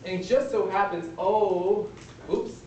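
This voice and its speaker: A man's voice: high voice, steady tone, slow pace, dark tone. Man preaching in an echoey hall. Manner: conversational, retells a film scene. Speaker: pastor. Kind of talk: sermon. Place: lecture room. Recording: echoey hall, distant mic, faint noise.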